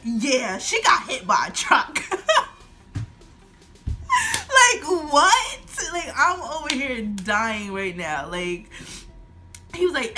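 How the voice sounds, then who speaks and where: A woman's voice: sits high, pushed and bright. A woman in her twenties telling a storytime vlog at home, laughing often as she talks. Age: 20s. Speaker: vlogger.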